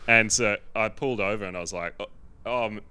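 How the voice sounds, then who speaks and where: A man's voice: lowish voice, fast, sharp tone, clean tone. A young Australian man in his twenties, swearing and laughing as he tells a story in casual podcast chat. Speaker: podcast guest.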